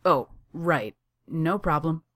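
A reader playing a cocky young coffee-shop owner who shouts and swears sarcastically. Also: medium pitch, animated, slow, no room sound, clean studio sound. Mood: placating.

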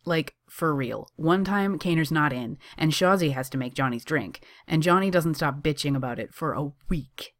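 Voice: mid-range voice, moderate pace, hardly any pauses. Chatty storyteller with sarcastic asides. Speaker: audiobook reader. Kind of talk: storybook narration.

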